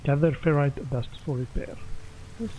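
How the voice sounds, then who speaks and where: A man's voice: fairly high pitch, steady tone, normal speed, dark tone, slight background noise, poor audio. Man chatting through a game stream. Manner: reads game text aloud, thinking aloud. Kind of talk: casual gameplay commentary.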